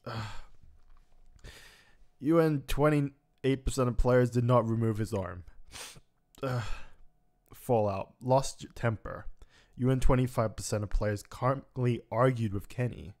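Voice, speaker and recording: A young man talks over a game he has just finished, tearful and sighing between lines. His voice sits at an ordinary middle pitch, and he reads the results aloud in a halting, emotional way. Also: a little mellow. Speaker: gaming commentator. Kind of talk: let's play commentary.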